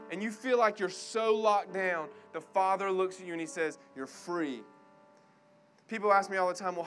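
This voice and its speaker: Fervent high-voiced male preacher. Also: a bit bright. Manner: urgent, repetitive, fervent preaching. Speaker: guest preacher. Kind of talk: sermon to college students.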